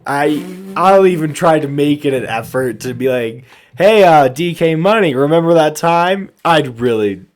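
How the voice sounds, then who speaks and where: Young guy on a podcast telling funny school stories, lively, mid-range voice. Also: mid-range voice. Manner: animated storyteller, acts out quotes. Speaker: podcast co-host. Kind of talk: casual chat.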